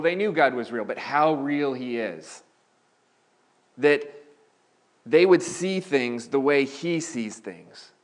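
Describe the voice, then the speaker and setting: A male pastor giving a sermon in a church, talking casually with restarts and lifting his voice on key points. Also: medium pitch. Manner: conversational preaching with frequent restarts, rising emphasis on key points. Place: church sanctuary.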